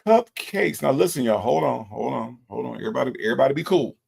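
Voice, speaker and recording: Sassy gravelly-voiced male host. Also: medium pitch, expressive, quick pace, a little mellow. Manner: sassy, emphatic repetition. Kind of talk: livestream commentary reading chat.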